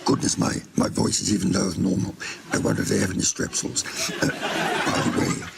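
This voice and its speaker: A comedian playing a genteel, fussy older royal woman with a gravelly low voice. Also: level tone, fast. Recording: loud background noise.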